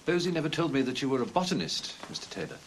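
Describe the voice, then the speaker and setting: An actor playing a flamboyant, witty middle-aged Victorian writer who talks in florid, languid phrases. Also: male voice, on the high side, very animated, rapid-fire, a little hiss or hum. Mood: teasing. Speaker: celebrated writer and father. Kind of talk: period film acting.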